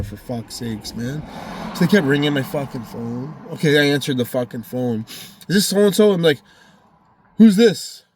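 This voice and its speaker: A man's voice: medium pitch, a little hiss or hum. A man rambling through a heated, profanity-filled personal story as a vlogger. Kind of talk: casual storytelling monologue.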